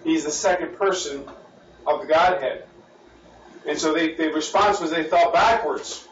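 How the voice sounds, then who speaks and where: A man's voice: a little high, a little slow, fairly bright tone. A man with an American accent leading a church Bible study as pastor, repeating his words as he thinks and asking the class questions. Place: church meeting room. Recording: roomy, distant, dull and lightly noisy.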